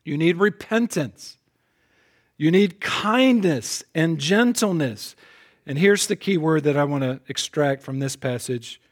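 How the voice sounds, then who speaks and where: A male pastor delivering a sermon in a voice pitched a little above most men's. He is emphatic, doubles words as he starts a phrase, and drops into quiet asides before punching his points again. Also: expressive, measured pace. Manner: swings between loud punches and soft lowered asides.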